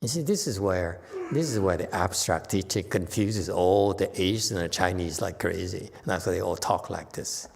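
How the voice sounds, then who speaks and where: A man giving an unhurried dharma lecture as a Buddhist teacher, often pausing to check in with his listeners. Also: low voice, vocal fry. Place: temple hall. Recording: long hall reverb.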